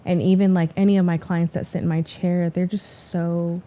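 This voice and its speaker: A woman's voice: on the low side, flat delivery, moderate pace, dark tone. A woman in her forties, a hairstylist guest, telling stories in casual podcast chat and swearing freely. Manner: chatty, swears casually, storytelling.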